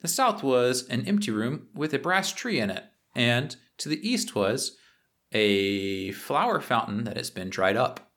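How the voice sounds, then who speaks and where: A man's voice: medium pitch, big pitch swings, unhurried, fairly bright tone. Guy doing a jittery thief, stutters a lot, voice jumps around. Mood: nervous. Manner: stammering, jittery, pleading. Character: nervous male thief hiding underground.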